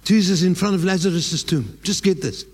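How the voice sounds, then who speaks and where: A man's voice: high voice, normal speed, slightly rough, in a large hall. A South African man preaching a sermon as pastor, emphatic and dropping in Afrikaans words.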